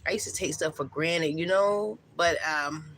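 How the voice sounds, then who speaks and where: A livestream host in her thirties chats warmly and emotionally with viewers outdoors, leaning on lots of fillers. She has a deep voice and speaks at a normal speed. The audio is poor, with a little hiss or hum.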